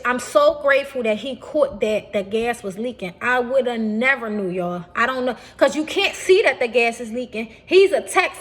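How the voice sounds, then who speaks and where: A young adult woman talks straight to her viewers in a casual vlog. Her voice sits a bit high. She is animated, keeps repeating her points, and keeps calling her audience y'all. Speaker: vlogger. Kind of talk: casual talk to camera.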